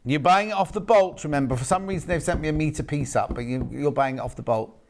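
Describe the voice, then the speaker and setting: A man's voice: a little high, fast, darkish tone. Chatty man selling fabric on live TV. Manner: chatty and rambling, reading out prices between asides. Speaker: shopping channel presenter. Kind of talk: live home-shopping sales chat. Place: TV studio.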